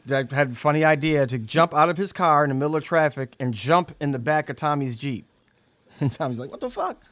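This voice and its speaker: A man hosting a comedy podcast, telling stories in a casual, animated way and jumping into loud impressions of the people in them. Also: fairly high pitch, no echo. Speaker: podcast host.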